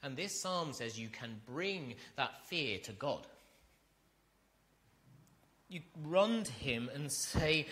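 A man preaching a sermon, earnest and direct, asking his listeners questions and building to loud, emphatic peaks. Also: fairly high pitch, big pitch swings, slow, pauses often. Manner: asks the congregation rhetorical questions.

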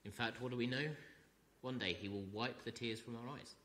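A man's voice: medium pitch, steady tone, normal speed, a bit bright. A man preaching an earnest sermon, reading scripture and building to emphatic repetition.

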